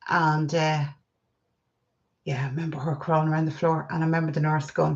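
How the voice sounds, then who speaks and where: A woman's voice: sits low, brisk, a little hiss or hum. An Irish woman in her forties telling family stories in a casual, chatty vlog. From Ireland. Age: 40s. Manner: chatty storytelling, lively retelling. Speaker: vlogger. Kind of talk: casual chat. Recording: slightly dull lo-fi sound.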